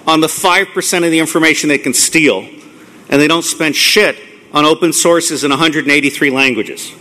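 A middle-aged man giving a live lecture to an audience, blunt and profane, ranting excitedly. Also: on the high side. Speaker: conference speaker.

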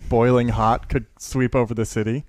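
A man from the Seattle area who works as a teacher and maker, chatting casually in an interview, telling lively stories that he acts out, with frequent laughter. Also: mid-range voice, moderate pace, no echo, clean studio sound. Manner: animated storyteller, laughs often, acts out quotes.

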